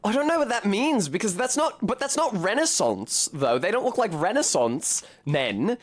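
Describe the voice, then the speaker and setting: A man's voice: high-pitched, sing-song, moderate pace. A man giving casual, wry commentary as he streams a video game, swearing freely and chatting with his viewers. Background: game music.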